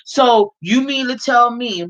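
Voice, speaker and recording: A woman from California with a slightly high voice delivers a blunt, profanity-laced commentary rant. She hammers her points home by saying them again and again. The recording sounds dull and lo-fi. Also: takes it slowly. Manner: blunt, heavily profane, repeats herself for emphasis. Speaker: vlogger.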